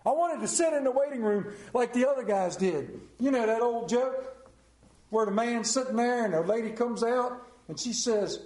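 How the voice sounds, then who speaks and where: A man's voice: extremely high pitch, moderate pace, a little mellow, roomy sound, low-quality recording. A middle-aged man preaching a sermon as a folksy, joking storyteller.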